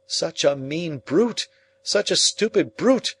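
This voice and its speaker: A man's voice: mid-range voice, animated, normal speed, voice pushed up, lightly acted. A man reading the part of an anguished young man pleading with the woman he loves, in a storybook reading. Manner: pleading, earnest, emotional.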